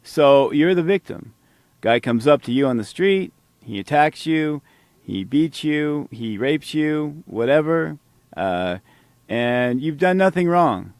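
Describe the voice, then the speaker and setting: A man's voice: fairly high pitch, animated, slow pace, a little mellow, dry recording. A man hosting a podcast, reacting to a played talk with heated, profane, sarcastic commentary. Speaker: podcast host.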